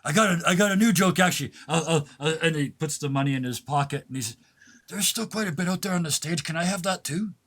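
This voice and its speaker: A man's voice: fairly high pitch, fast, a bit bright, voice pushed up. A man voicing a shabby middle-aged male comic actor who stammers and acts smug. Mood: sly.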